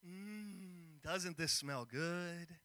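Preacher playing a sly young guy teasing his brother, slow low taunting voice, high pitched overall. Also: pushed and bright, no echo, heavily acted.

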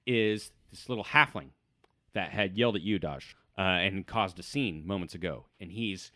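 A man acting as game master, narrating a tabletop game in a relaxed, descriptive way. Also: sits low, moderate pace, no echo. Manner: descriptive, relaxed, occasional fillers.

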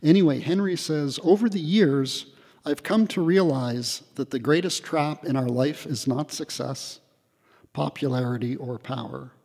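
A man giving a spiritual retreat talk in a hall, reflective and gently humorous, pausing often with fillers. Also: fairly high pitch, vocal fry. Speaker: retreat speaker.

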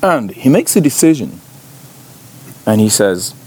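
A man's voice: mid-range voice, big pitch swings, a little slow, long pauses, a little mellow, a little hiss or hum. A man teaching a Bible class in a chatty way, full of fillers and rhetorical questions. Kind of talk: informal teaching talk.

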